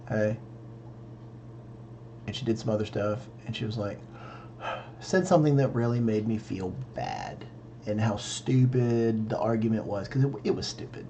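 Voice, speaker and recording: A man's voice: lowish voice, mellow, lo-fi sound, slight background noise. A tired man recapping his day in a casual vlog, rambling and correcting himself, talking in his home office late at night. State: tired, yawning. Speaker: vlogger.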